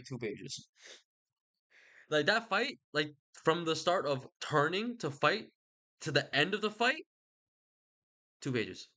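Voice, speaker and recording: A man's voice: fairly high pitch, sharp tone. A man giving a casual, rambling book recap in a loose, slangy, profane way, full of jokey asides. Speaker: book vlogger.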